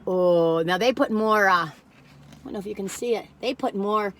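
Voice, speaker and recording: There's a little hiss or hum behind this older woman's medium-pitched voice, which moves at normal speed. As a food vlogger reviewing cookies, she chats casually, rambles, and keeps wandering onto tangents.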